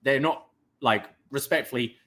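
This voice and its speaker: A British man co-hosting a casual wrestling podcast, chatting in an animated way. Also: medium pitch. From Britain. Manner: animated, breaks into quick impressions. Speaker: podcast co-host. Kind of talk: casual chat.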